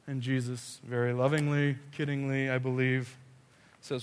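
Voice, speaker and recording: A man's voice: mid-range voice, level tone, normal speed, in a large hall. A man preaching a sermon, telling a family story with playful quoted voices. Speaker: pastor.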